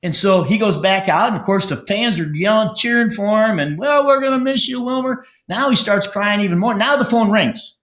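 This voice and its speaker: A man's voice: high voice, moderate pace, few pauses, fairly bright tone. A man hosting a conversation, telling a story animatedly, acting out the dialogue and laughing as he goes. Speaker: show host, former baseball manager. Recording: roomy echo.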